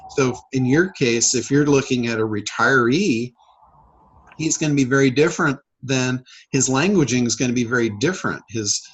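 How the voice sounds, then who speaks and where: A man's voice: mid-range voice, a bit bright, breathy edge, rough recording. A man hosting a casual coaching call, talking in a rambling way with many fillers and restarts. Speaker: public speaker and sales trainer.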